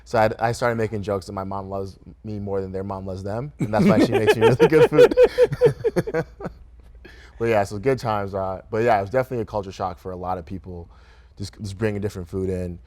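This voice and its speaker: A young man with a fairly low voice talks easily as a studio interview guest. He laughs often and keeps things casual, dropping "right?" and "kinda" into his sentences. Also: fairly even intonation, fast talker, a little mellow. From Grand Rapids, Michigan, USA. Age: young adult. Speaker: guest, restaurant owner. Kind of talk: relaxed interview conversation. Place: radio studio.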